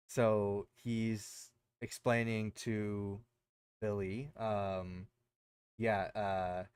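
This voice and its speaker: Podcast co-host, male, rambling recap style with lots of ums, smooth lowish voice. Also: dry recording. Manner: rambling, lots of fillers and self-corrections. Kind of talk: casual chat recapping a show.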